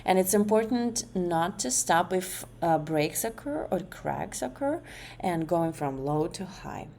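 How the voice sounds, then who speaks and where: A woman's voice: on the low side, animated, unhurried, creaky, a little mellow, a little hiss or hum. A woman presenting a class demonstration of voice exercises, hesitant, with many fillers and restarts.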